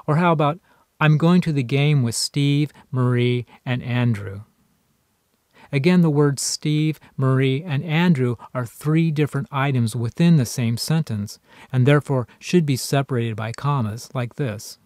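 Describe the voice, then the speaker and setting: A college writing instructor, a man, talks through a recorded online lesson at a measured, even pitch. He reads each example sentence slowly and deliberately. The recording is dry and close, with no room sound. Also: no echo.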